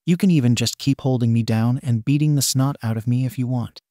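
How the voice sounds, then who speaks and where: A man's voice: medium pitch, steady tone, brisk, dark tone, no room sound, studio quality, natural voice. A man voicing a determined teenage boy training to be a hero, speaking firmly and matter-of-factly.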